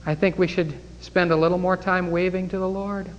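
A man's voice: high voice, level tone, a little fast, lo-fi sound, a little hiss or hum. Fervent male preacher, in a reverberant hall. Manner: fervent, rising to exclamations of praise. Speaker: preacher leading a Bible study. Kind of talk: sermon and closing prayer.

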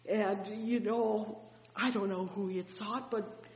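A preacher telling a Bible story in a sermon, fervent, swelling loud and dropping soft, with frequent exclamations. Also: medium pitch, steady tone, takes it slowly. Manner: fervent storytelling with sudden swells and drops in loudness. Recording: echoey hall reverb.

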